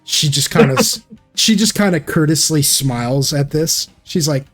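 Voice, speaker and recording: A man's voice: a little high, animated, moderate pace. A man narrating as game master of a tabletop game, hesitant and full of fillers, voicing characters in quotes. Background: background music.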